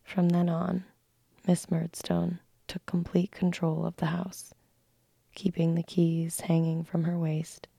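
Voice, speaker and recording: A woman narrating a classic story in a soft, slow unvoiced whisper, a whispered role-play read close to the mic. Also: fairly low pitch, creaky, husky, dry recording.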